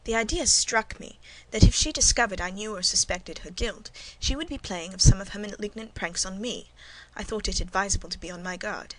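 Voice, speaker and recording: Woman reading a classic novel aloud, steady and measured, middle pitch, audiobook narration. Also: rough recording. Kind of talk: scripted narration.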